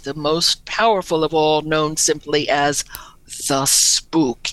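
Slow, dry-voiced author telling a story. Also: medium pitch, a bit bright, no echo, low-quality recording. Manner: vivid, theatrical storyteller acting out quotes. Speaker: author being interviewed. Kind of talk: storytelling interview answer.

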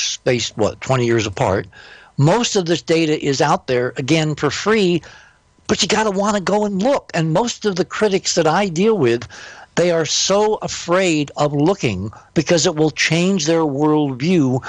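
A man's voice: fairly high pitch, dry recording. An older man, a guest in an interview, telling a long story in an emphatic, impassioned way.

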